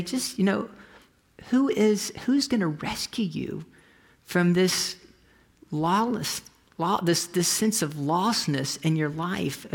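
A pastor preaching a conversational, storytelling sermon, often restarting phrases and dropping to a soft whisper for emphasis. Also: medium pitch, creaky, breathy edge, long reverb tail. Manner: frequent restarts and trailing phrases.

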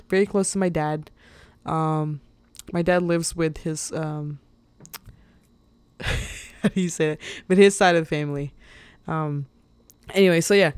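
A woman's voice: lowish voice, a little mellow, clear, resonant tone, no room sound. Chatty woman podcaster, dry close sound. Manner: chatty and rambling, with frequent fillers and laughs; openly emotional and earnest. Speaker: podcast host. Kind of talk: casual solo podcast monologue.

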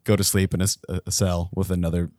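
A man in casual podcast chat, swearing freely and telling animated stories. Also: low-pitched, quick pace, no room sound, clean studio sound. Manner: profane, animated storytelling.

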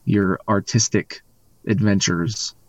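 A man hosting a casual podcast chat, talking in a halting way with many fillers and restarts. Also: lowish voice, fairly even intonation, no echo, lo-fi sound. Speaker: podcast host.

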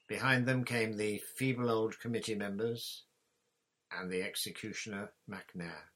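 A man reading a storybook chapter aloud as narrator in a steady, even manner. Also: on the low side, a little slow. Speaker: audiobook reader.

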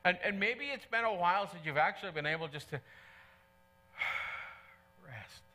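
A man's voice: high voice, animated, normal speed, sharp tone, slight background noise. A middle-aged male pastor preaching a sermon in church, earnest and conversational, repeating key phrases for emphasis.

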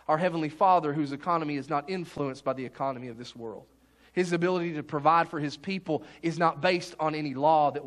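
A man's voice: high voice, fairly bright tone. A man preaching a sermon as pastor, in a folksy, conversational way with many restarts.

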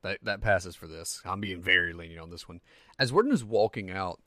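A man with a lowish, bright, forward voice runs a tabletop game, narrating the scene in loose, rambling sentences packed with "uh" and "like". The sound is dry and close, with no room around it. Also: lively intonation, fairly quick, no echo. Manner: rambling, filler-heavy narration. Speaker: game master.

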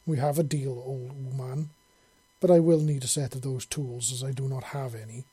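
A proud alien huntress speaks with smug, formal haughtiness, as a male narrator puts her on. The voice is dark and slightly husky. The sound is dry and close, like a home storybook reading. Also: mid-range voice, fairly even intonation, normal speed, no echo, natural voice. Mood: haughty.

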